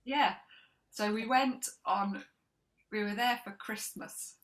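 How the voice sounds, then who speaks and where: A woman's voice: medium pitch, slow, poor audio. A woman co-hosting a casual chat, laughing often and trailing off mid-sentence. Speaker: co-host.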